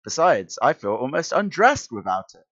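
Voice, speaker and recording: A man's voice: medium pitch, very animated, moderate pace, fairly bright tone, voice pushed up. A man voicing an eager, earnest young male student hero while reading a comic aloud, in a somewhat muffled recording.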